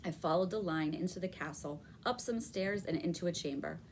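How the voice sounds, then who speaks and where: A woman's voice: fairly low pitch, brisk, a little hiss or hum. Woman reading a children's novel aloud. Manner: expressive storytelling. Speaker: reader.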